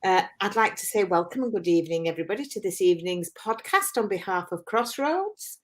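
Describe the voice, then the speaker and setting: A woman's voice: medium pitch, animated, brisk. An older woman hosting a podcast, talking in a rambling, hesitant way with many restarts. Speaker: podcast host. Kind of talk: reflective podcast talk on self-talk.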